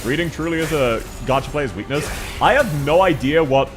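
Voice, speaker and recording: A man's voice: a little high, animated, a little fast, music in the background. A young man streaming a game, chatting casually with viewers, joking and swearing as he plays. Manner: joking, swearing, reacting to chat. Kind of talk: casual livestream chat while playing.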